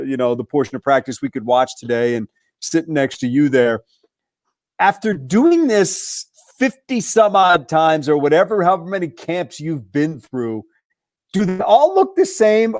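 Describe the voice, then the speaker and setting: A man's voice: a little high, darkish tone, no room sound, clean studio sound. Upbeat man hosting sports radio. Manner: upbeat, teasing, quick asides. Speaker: radio play-by-play voice and show host. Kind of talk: casual sports radio chat.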